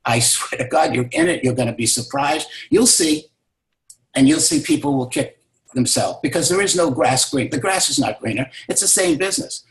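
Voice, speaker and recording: A man's voice: medium pitch, moderate pace. Male business mentor, motivational storyteller, emphatic and repetitive, mid-range voice, echoey room. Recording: roomy echo.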